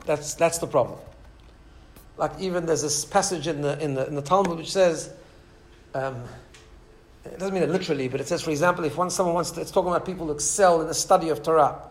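Rabbi giving an informal class, quick and animated, voice pitched a little high, a small live audience in the room. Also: male voice, a little hiss or hum. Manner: animated storyteller, many restarts and asides. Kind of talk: informal Torah class talk.

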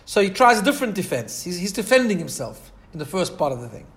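A man's voice: high voice, very animated, fast talker, fairly bright tone. A man teaching a Torah lesson in an earnest storytelling manner, often restarting and repeating words as he goes. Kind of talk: storytelling sermon.

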